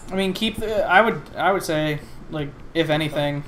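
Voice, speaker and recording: Hesitant game master, rambles and pauses a lot, medium pitch. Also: fairly bright tone, a little hiss or hum. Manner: rambling, hesitant, lots of fillers. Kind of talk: narrating a tabletop game.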